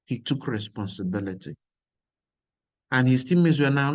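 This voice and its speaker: A man's voice: medium pitch, expressive, moderate pace, dry recording. A man giving a motivational lecture, emphatic and repeating key lines. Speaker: speaker.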